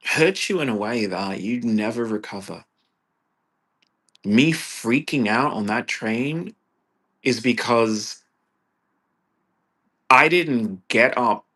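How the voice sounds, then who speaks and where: Man, unhurried, profane, exasperated rant, mutters then loud bursts. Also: medium pitch. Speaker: vlogger. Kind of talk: rambling personal rant.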